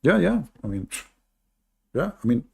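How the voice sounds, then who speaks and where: Gravelly sarcastic male debate host. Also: a little high, big pitch swings, measured pace. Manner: sarcastic, mocking, laughs at his own jokes. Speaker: live debate show host. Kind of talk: live online debate commentary.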